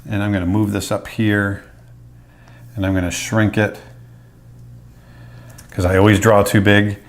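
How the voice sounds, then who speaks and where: A man's voice: on the low side, little pitch movement, a little slow. A middle-aged man, an animator, casually talking through his drawing as he sketches, thinking aloud. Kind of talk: drawing tutorial narration.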